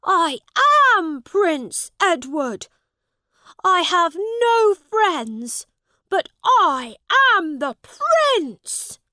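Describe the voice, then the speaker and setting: A woman voicing a ragged boy prince who shouts slowly and angrily, close to crying. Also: extremely high pitch, very animated, no room sound, pitched above the performer's own voice, full character voice. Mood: desperate shouting. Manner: shouting, slow and pleading. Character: desperate ragged boy prince, angry and near tears.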